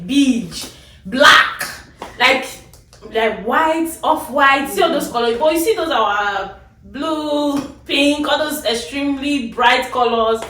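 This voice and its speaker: A young woman, chatting casually as a vlogger, talking fast and laughing through her stories. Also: high-pitched, a bit bright. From Nigeria. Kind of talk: casual chat. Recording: roomy sound from a distance.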